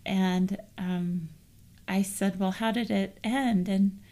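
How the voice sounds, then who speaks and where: Gentle gravelly-voiced middle-aged woman. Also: medium pitch, steady tone, slow. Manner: gentle, storytelling, soft trailing phrases. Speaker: co-host. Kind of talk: casual chat on grief.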